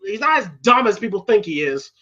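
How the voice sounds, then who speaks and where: An excitable man recapping a film for his vlog, swearing freely and leaning on fillers. His voice has a bright, sharp edge. The recording is dull and lo-fi. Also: high voice, fairly quick. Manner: excitable, profane, heavy on fillers. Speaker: film reviewer. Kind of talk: casual film review vlog.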